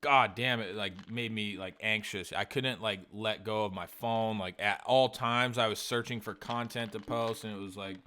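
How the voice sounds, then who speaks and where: Rambling, foul-mouthed podcast host. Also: male voice, fairly low pitch, steady tone, normal speed, few pauses, pushed and bright. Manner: rambling, swears a lot, acts out past conversations. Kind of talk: casual chat.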